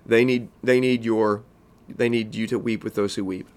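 A man hosting a podcast, giving earnest pastoral teaching to other pastors and slowing to a soft voice at key points. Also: on the low side, fairly even intonation. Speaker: podcast host addressing pastors.

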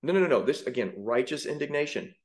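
Fired-up guy preaching, indignant, keeps pushing up to loud emphatic peaks. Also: medium pitch, lively intonation, quick pace. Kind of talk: sermon-style commentary.

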